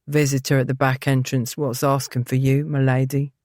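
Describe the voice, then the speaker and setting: A woman's voice: extremely low pitch, little pitch movement, moderate pace, a little mellow, dry recording, clean studio sound, pitched below the performer's own voice. A woman voicing a surly, hostile young male servant who mutters sullenly.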